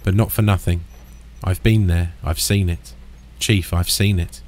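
A man's voice: deep voice, fairly even intonation, a little slow, a little mellow, a little hiss or hum. A man voicing a smug, sinister professor in a horror story. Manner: smug, cold.

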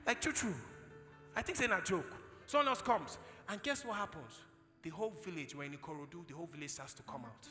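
Young Nigerian pastor, animated sermon storyteller, very bright tone, hall echo. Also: male voice, fairly high pitch, fairly quick, faint music behind. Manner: storytelling, acts out dialogue, builds to shouted preaching. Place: large hall, live conference.

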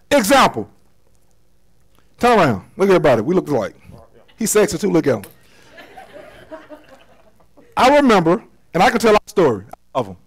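Male pastor, high voice, conversational church sermon, loud-to-soft swings. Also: breathy edge, poor audio. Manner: conversational preaching with slang, swings from loud to hushed. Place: church sanctuary.

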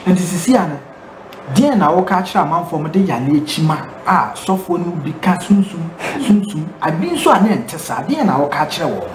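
A man's voice: on the high side, sing-song, fairly quick. A man interviewing a woman on location, coaxing her with prompting questions. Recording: echoey room with noise behind.

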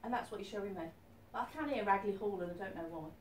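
A woman in her fifties, a medium speaking to a live audience in a chatty, animated way, often checking that her listener follows. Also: mid-range voice, fast talker, a little hiss or hum. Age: 50s. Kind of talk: live stage reading to an audience. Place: event hall. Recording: echoey hall, distant mic.

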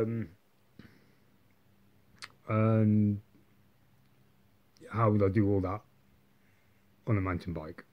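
A man's voice: lowish voice, steady tone, very slow, pauses often, muffled recording. A man telling a long story to camera, rambling and swearing heavily, with constant tag questions like "yeah" and "right". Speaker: vlogger. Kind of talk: casual monologue.

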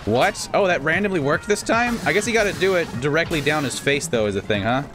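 A man giving casual gameplay commentary as a let's play host, joking in rambling asides and breaking into sudden excited outbursts. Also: fairly high pitch, fast talker.

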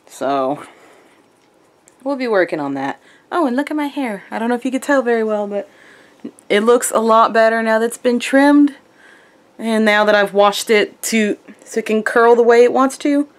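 A woman's voice: moderate pace, dry recording. A young woman in casual vlog chat, telling her day in a chatty, upbeat way. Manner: chatty and upbeat, high baby talk to her dog. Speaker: vlogger.

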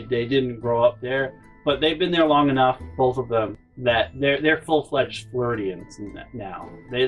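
Male storytelling host, mid-pitched voice, animated and rambling delivery with casual swearing. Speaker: channel host. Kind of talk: storytime vlog.

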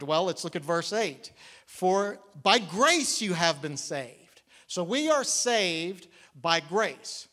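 A man's voice: sits high, fairly bright tone. A middle-aged man preaching a sermon in a church, folksy and interactive with the congregation. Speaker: pastor. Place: church sanctuary. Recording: long hall reverb.

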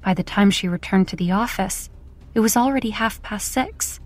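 A woman narrating a romance audiobook in a steady, even storytelling manner. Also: mid-range voice, normal speed, soft background music. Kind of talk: scripted narration.

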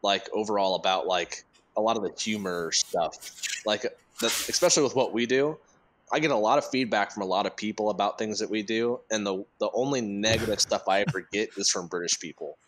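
Easygoing male co-host, low voice, loose chatty delivery. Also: fairly quick, slight background noise. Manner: relaxed, filler-heavy with "like". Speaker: podcast co-host. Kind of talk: casual chat.

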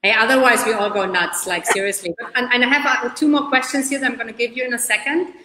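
A woman hosting a podcast interview, animated, quick to affirm her guest, often restarting her phrases. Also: fairly high pitch, background noise. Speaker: podcast host. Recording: echoey room.

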